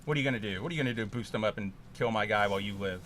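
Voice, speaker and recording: A man streaming a card game, ranting and swearing, with sudden loud outbursts in casual chat. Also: on the low side, rapid-fire, a little hiss or hum.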